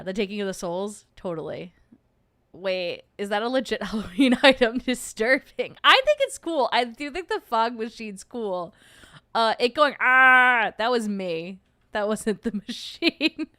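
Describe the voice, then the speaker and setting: A woman's voice: mid-range voice, fairly bright tone, no room sound. A young adult woman hosting a livestream, chatting casually and joking in rambling asides while reacting to a video. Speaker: host.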